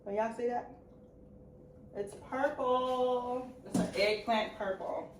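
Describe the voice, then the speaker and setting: A woman's voice: medium pitch, fairly even intonation, normal speed. A woman talks through a wig-dyeing job at home. She is chatty and jittery and keeps laughing at herself. Her voice bounces around a reverberant room, with a light ambient hiss underneath. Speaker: beauty vlogger. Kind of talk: casual talk-along tutorial. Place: indoor room at a sink. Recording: echoey room with faint ambient noise.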